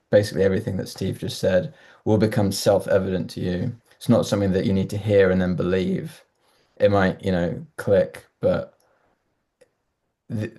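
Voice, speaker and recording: A man giving gentle, halting spiritual advice on a Q&A call. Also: low voice. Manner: gentle, halting, with frequent restarts.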